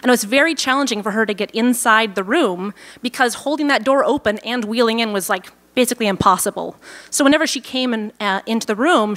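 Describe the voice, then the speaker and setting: A woman telling a personal story live on stage at a venue event, lively and self-amused, acting out her own thoughts. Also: on the high side.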